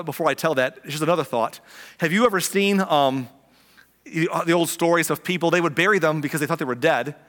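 A man preaching a sermon in a relaxed, conversational way, acting out little quoted reactions as he explains a passage. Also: a little high. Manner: conversational, animated, acts out quotes. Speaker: pastor. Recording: long reverb of a hall.

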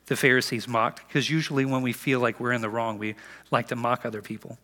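A man preaching a sermon as a pastor, in an animated, conversational storytelling manner, in a church sanctuary. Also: mid-range voice, brisk. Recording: long reverb of a large hall.

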